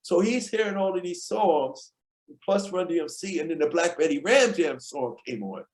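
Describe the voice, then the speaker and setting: A man, a guest on a podcast, telling lively anecdotes and acting out the people in them. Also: fairly high pitch, moderate pace. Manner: tells anecdotes, acts out quoted people in lively voices. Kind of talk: animated storytelling in conversation.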